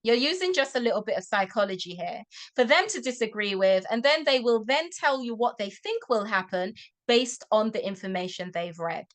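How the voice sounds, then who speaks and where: A woman's voice: a little high, animated, normal speed. A woman tutor giving chatty advice to parents, often saying "all right" and acting out what a parent might say.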